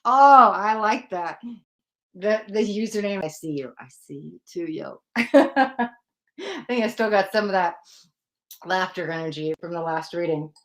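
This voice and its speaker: This tarot reader's voice is on the low side, animated yet unhurried, as she hosts a casual livestream. Chatty and giggly, she frequently pokes fun at herself while talking with viewers.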